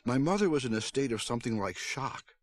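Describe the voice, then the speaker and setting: A man narrating a storybook aloud on his stream, with an expressive read-aloud delivery. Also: medium pitch, fairly quick, dry recording, clean studio sound. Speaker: streamer reading a book aloud.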